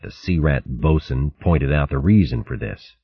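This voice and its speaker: A man reading a storybook aloud in a measured, dramatic way. His voice is very deep with a husky grain. The recording is dry and slightly dull. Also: no echo. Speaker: audiobook narrator. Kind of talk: scripted storybook narration.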